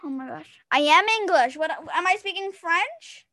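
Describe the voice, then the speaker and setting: High-voiced excitable young woman podcaster. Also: normal speed. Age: young adult. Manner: excitable, giggly. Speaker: podcast host. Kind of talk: casual podcast chat.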